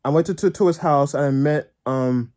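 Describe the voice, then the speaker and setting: A man's voice: fairly high pitch, normal speed, darkish tone. A man telling a story to his viewers in a casual vlog, stammering, repeating words and giggling all the way through. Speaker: gaming vlogger.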